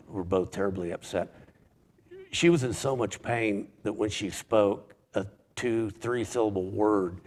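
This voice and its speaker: Halting, low-voiced man giving testimony. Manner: halting, restarts and repeats words. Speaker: church member giving a testimony. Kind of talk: personal spoken testimony.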